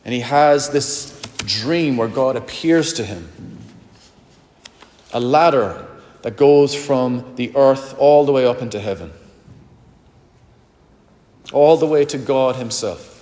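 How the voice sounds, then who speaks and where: A man preaching a sermon in a church, his voice ringing with a long reverb through the hall. He speaks earnestly and straight to his listeners, reading scripture aloud at a mid-range pitch. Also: takes it slowly, pauses often, a little mellow. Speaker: pastor.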